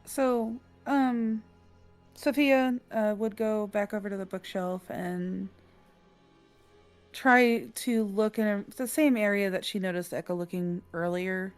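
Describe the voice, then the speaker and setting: A woman's voice: mid-range voice, steady tone, slow pace. A woman taking part in a tabletop game and narrating her character's moves. She sounds hesitant and agreeable, with a mid-range voice. Faint music plays under her. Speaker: player. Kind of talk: tabletop role-play.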